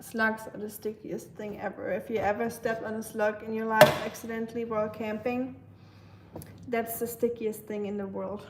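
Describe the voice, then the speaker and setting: A woman's voice: a little high, level tone, normal speed, background noise. A woman from Germany with a German accent, chatting casually with viewers on a livestream while doing chores. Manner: chatty, reading chat aloud, self-deprecating.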